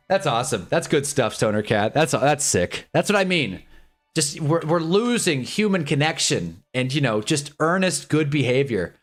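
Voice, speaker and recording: A man's voice: a little high, sing-song, moderate pace, soft background music. A man in his twenties ranting casually on a livestream, rambling and joking with frequent laughs. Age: 20s. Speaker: livestream host.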